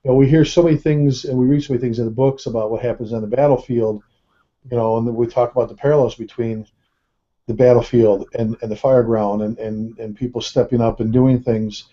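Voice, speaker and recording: A man's voice: mid-range voice, fairly even intonation, a little fast, mellow. A male host of a panel talk who stammers and repeats words as he starts his questions. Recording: muffled lo-fi web call audio.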